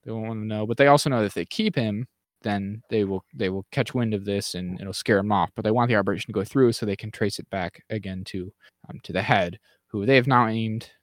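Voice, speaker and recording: A man co-hosting a casual podcast, rambling through recaps with fillers and restarts, dropping into quick mimicked lines. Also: fairly low pitch, dry recording, clean studio sound. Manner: mimics characters in quick acted asides. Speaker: podcast co-host. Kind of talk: casual chat.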